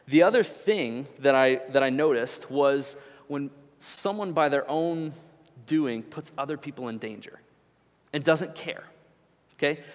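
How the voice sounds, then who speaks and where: A man in his thirties preaching, telling a story animatedly and then dropping low to reflect. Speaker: pastor. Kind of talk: sermon with storytelling. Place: church hall. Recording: church hall with long reverb.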